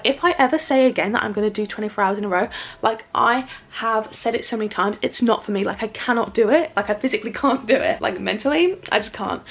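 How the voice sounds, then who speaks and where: A woman's voice: mid-range voice, gravelly. A young woman chatting casually to camera in a book vlog, rambling and saying "like" a lot. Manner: chatty, rambling, says "like" often. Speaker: book vlogger.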